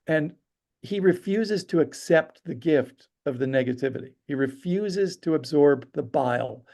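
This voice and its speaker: A man telling stories as a podcast interview guest, animated and acting out the people he quotes. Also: fairly high pitch, a little slow, vocal fry. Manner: animated storyteller, acts out quotes. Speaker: storyteller guest. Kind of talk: casual interview chat.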